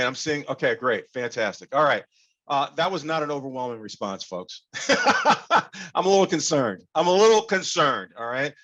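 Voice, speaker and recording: A man giving an animated, interactive workshop talk over a video call, leading the audience in call-and-response. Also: medium pitch, highs cut off. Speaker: workshop speaker.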